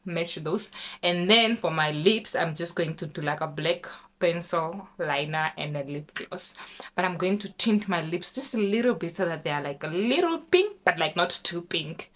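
A young woman from Namibia chatting casually in a vlog, excitable and talkative, with sudden high squeals. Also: normal speed. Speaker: vlogger.

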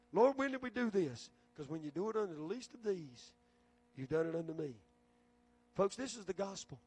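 A man with a notably high speaking voice preaches as pastor, slipping into folksy stories. He repeats words and restarts his phrases as he builds his point. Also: slightly rough. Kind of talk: sermon.

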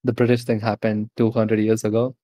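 A man's voice: lowish voice, little pitch movement, fairly quick, dark tone, no echo. Laughing Indian man in a casual chat. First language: Telugu. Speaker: podcast co-host.

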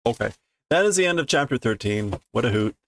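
On stream, a native English-speaking man reads through a comic with casual commentary, sounding amused as he explains the plot. His mid-range voice is animated, slightly fast, and fairly bright, with a little hiss or hum.

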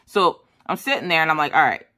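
Bright talky woman vlogging, animated, does little voices for the quotes. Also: fast talker. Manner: chatty, animated, acts out quotes in a high voice. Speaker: crafting vlogger. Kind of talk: casual storytelling chat.

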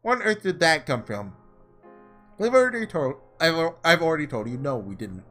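A man voicing an earnest, principled young ruler, reading in a measured, formal way. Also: on the high side, very animated, a bit bright, faint music behind.

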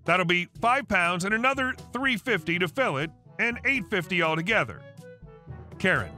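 Man, story narrator, high and lively pitch, steady synthetic read, soft music bed. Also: moderate pace. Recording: faint music underneath.

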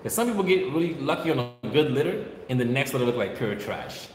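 A man's voice: mid-range voice, big pitch swings, fast talker, a little mellow. A man who breeds dogs, talking casually and bluntly, scolding viewers and repeating his points. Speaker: dog breeder. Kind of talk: casual vlog talk. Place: kennel with dogs barking behind. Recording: echoey room, noisy background.

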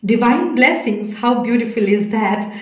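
A woman giving a spiritual tarot reading, speaking softly and emotionally, consoling her listeners with many pauses and fillers. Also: a little high, animated, echoey room, poor audio. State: emotional, holding back tears. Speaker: tarot reader.

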